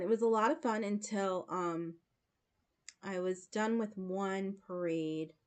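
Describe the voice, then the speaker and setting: Her voice medium in pitch and a little mellow, this US woman in her late forties livestreams and talks easily with her audience. Her storytelling is chatty, peppered with frequent laughter and fillers.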